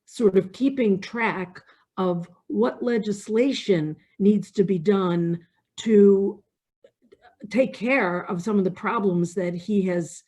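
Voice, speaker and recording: A woman from the audience putting a long question to a guest over a video call in a measured way. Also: medium pitch, darkish tone. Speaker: audience member asking a question. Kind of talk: posing a question.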